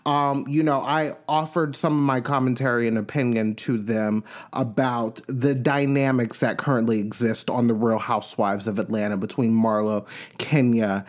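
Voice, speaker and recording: Man, podcast host, casual gossip chat, animated, mid-pitched voice. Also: normal speed. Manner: chatty and animated, reads news aloud with asides. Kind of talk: casual celebrity gossip commentary.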